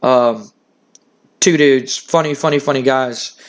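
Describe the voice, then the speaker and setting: A man's voice: medium pitch, takes it slowly. A man narrating a wrestling booking game in a casual, rambling way with many fillers. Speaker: game streamer. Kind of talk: let's play narration.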